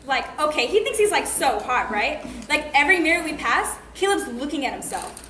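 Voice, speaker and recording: A young woman delivers an exasperated comic monologue, mocking and complaining. Her voice is very high. She sounds echoey, with a little background hiss. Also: very animated, fairly quick, sharp tone. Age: teens to young adult. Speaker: student performer. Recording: echoey room, faint noise.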